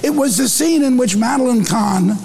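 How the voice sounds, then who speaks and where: An older man, a film director, telling an interview anecdote in a lively storytelling manner. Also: extremely high pitch, normal speed, vocal fry, husky. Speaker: film director recalling his work.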